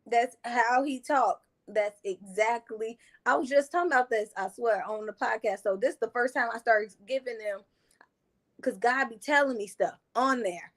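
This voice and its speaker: Woman podcast host, earnest and reflective, a slightly high voice. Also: moderate pace, fairly bright tone. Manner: earnest, spiritual, affirming murmurs. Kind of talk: casual conversation.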